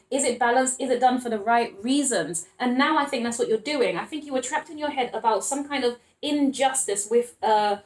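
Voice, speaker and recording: A woman giving a casual tarot reading, gushing and emotional, calling listeners sweetie pies and baby, and rambling with many restarts and corrections. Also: on the high side. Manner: excitable and emotional, quick to laugh. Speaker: tarot reader.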